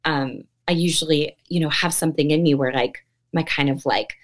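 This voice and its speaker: Interview guest, female actress, lowish voice, bubbly and talkative. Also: moderate pace. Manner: bubbly, laughs often, many fillers. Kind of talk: casual interview chat.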